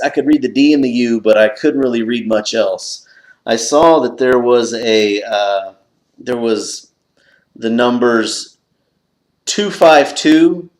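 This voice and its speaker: A man vlogging about a lucky find, telling the story with lots of excitement and leaping up in pitch when he relives his panic. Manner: excitable, jumps up high when retelling his own panic. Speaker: pipe collector vlogger. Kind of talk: animated storytelling to camera. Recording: echoey room.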